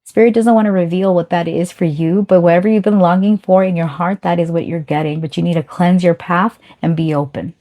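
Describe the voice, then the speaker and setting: A woman's voice: on the low side, fairly even intonation, fairly quick, hardly any pauses, dark tone. A woman giving a chatty pick-a-card tarot reading, talking fondly to her listeners and calling them honey. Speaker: tarot reader.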